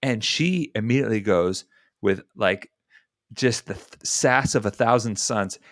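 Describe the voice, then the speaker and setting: Dry-voiced man telling an animated story. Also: lowish voice, measured pace, no echo. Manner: lively anecdote teller who acts out quoted voices. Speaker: podcast co-host. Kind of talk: animated storytelling in casual chat.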